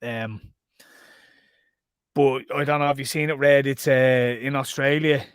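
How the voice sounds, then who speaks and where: A man's voice: medium pitch, a little slow, smooth, no room sound, studio quality. A man co-hosting a casual podcast, telling stories with lots of swearing and imitated voices. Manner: swearing, animated storytelling with mimicked voices. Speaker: podcast co-host. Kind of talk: casual chat.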